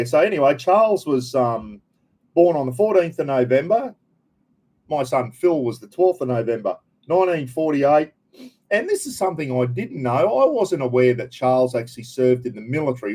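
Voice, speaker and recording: Chatty older Australian bloke hosting. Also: male voice, medium pitch, warm tone, poor audio. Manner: chatty, greets viewers by name, blokey slang. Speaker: livestream host. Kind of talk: casual live chat.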